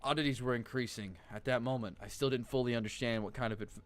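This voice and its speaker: A man's voice: mid-range voice, fairly even intonation, quick pace. A man streaming live, joking and cursing while reading game text aloud and commenting on his play. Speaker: streamer playing a horror game.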